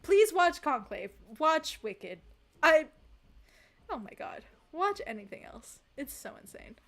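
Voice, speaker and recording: A young woman with a high voice, live-streaming and chatting casually with her audience. She rants in an animated way and laughs often. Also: takes it slowly.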